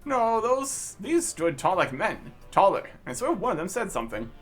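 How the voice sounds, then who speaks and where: A man voicing rough, injured pirate sailors in a game, using a gruff pirate dialect. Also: high voice, big pitch swings, normal speed, soft background music. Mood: shaken.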